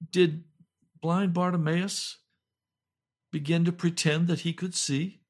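An older male pastor delivers a fervent sermon at a slow, deliberate pace. His voice sits a little high and slightly hoarse. He moves between loud, pleading cries and low, intense urging. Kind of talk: impassioned home sermon video.

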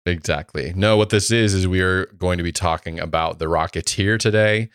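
Man, guest co-host, casual podcast chat, very deep voice, dry close sound, wry banter. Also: normal speed, fairly bright tone, smooth, dry recording.

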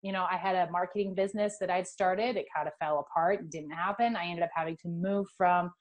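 A middle-aged woman from California, guest in an interview, telling a personal spiritual story in an animated, emotional way. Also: lowish voice, quick pace.

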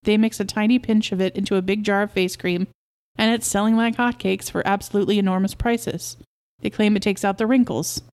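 A woman voicing an excitable, proud middle-aged beekeeper husband who coaxes and insists, in a storybook reading. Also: medium pitch, a little fast, few pauses, close to an everyday voice. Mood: excited.

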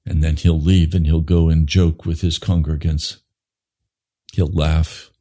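A man preaching an impassioned sermon, swinging from low grave tones to high urgent pleading. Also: flat delivery, a little slow, dark tone.

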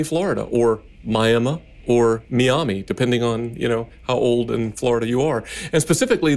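A man's voice: medium pitch, darkish tone. Man, podcast co-host, casual chat, playful, talkative. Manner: chatty, playful, explains at length.

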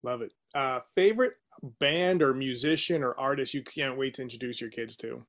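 A man's voice: mid-range voice, moderate pace, fairly bright tone. A man hosting a casual podcast interview, affirming the guest and laughing along. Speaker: podcast host.

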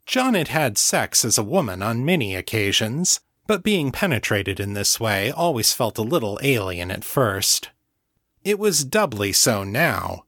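A man narrates a novel at an unhurried, deliberate pace. His voice sits in a middle register and the recording is dry and close. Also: mid-range voice, a bit bright, no room sound. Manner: slow, measured reading. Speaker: audiobook narrator. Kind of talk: scripted narration.

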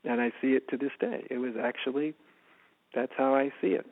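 Soft-spoken man on a tinny phone line. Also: mid-range voice, fairly quick. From United States. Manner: soft-spoken, often drops to a hushed voice. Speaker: spiritual teacher, guest. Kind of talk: reflective personal storytelling.

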